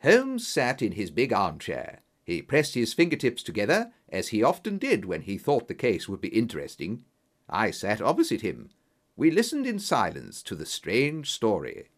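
Expressive male audiobook narrator. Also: fairly low pitch, moderate pace. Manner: expressive, clear reading.

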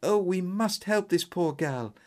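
A man's voice: high voice, animated, a little slow, darkish tone, pitched above the performer's own voice. A man voicing a frightened young woman, a governess in an audiobook story, speaking anxiously and urgently.

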